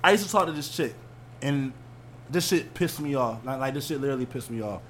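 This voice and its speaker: A man hosting a podcast, telling stories in a casual, profane, animated way. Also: medium pitch, fairly quick, a little hiss or hum. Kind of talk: casual chat.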